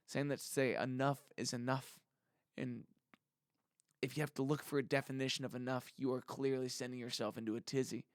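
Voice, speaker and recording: A man's voice: mid-range voice, smooth, no echo, studio quality. A man, a musician vlogger, talking in a casual monologue to the camera in a rambling, heartfelt and jokey way.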